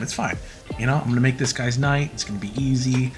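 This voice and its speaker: A man's voice: mid-range voice, quick pace, soft background music. A man casually telling a work story on a late-night stream, swearing freely and acting out the dialogue. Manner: profane, animated, acts out quoted dialogue.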